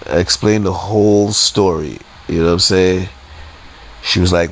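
A man's voice: on the low side, fairly even intonation, normal speed, long pauses, rough recording. Heated, profane man ranting. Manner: heated, profane, repeats himself a lot. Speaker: podcast host. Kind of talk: casual storytelling rant.

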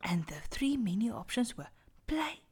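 A woman, reading a creepy story aloud on a podcast in a slow, breathy, half-whispered dramatic voice. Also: fairly high pitch, big pitch swings, darkish tone.

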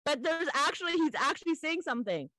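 A woman co-hosting a podcast in casual chat, animated and laughing often. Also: high voice, fast talker, no room sound. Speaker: podcast co-host.

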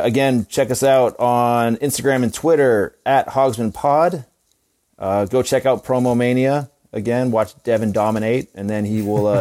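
A man's voice: mid-range voice, a little mellow. A man hosting a podcast, thanking a guest and reading the outro in an easygoing way. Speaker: podcast host.

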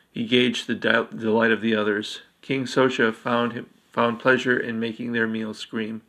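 A man reads a dark fantasy story aloud in an even, level tone with a gravelly edge. His delivery stays steady and unhurried. Now and then he trips over a word and corrects himself. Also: mid-range voice. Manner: steady, with slips and self-corrections. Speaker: narrator.

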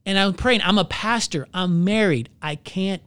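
A man who is a pastor, telling his own story in an earnest, halting way and searching for his words. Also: sits high, fairly bright tone, smooth, dry recording. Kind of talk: candid personal testimony in conversation.

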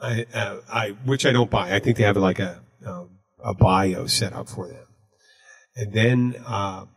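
A man hosting a podcast, telling a story in a casual, deadpan way. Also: fairly low pitch, measured pace, breathy edge. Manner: deadpan, recounting jokes he told. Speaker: podcast host.

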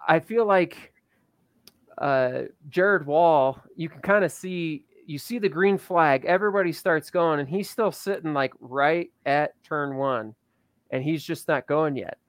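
A man co-hosts a casual racing recap, his voice sitting a little high. He talks loosely and laughs easily. The sound is dry and close. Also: unhurried, dry recording. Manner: chatty, loose, laughs often. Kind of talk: casual chat.

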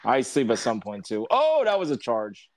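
A man's voice: mid-range voice, wildly swooping pitch, normal speed, no echo. Laughing, profane podcast host man. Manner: loose, laughing, profane banter. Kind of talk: casual chat.

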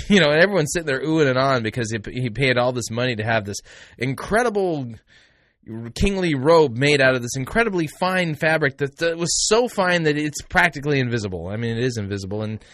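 A man's voice: medium pitch, animated, fairly quick, fairly bright tone, no echo, studio quality. A man hosting a commentary show, talking to listeners in a sarcastic, mocking way with lots of asides. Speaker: podcast host. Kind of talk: critical commentary.

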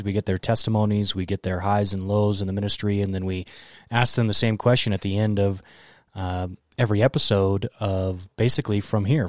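A man with a fairly low voice co-hosts a podcast in easy, casual chat. He talks haltingly and leans on lots of filler sounds. The sound is dry and close, with no room echo. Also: darkish tone. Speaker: podcast co-host.

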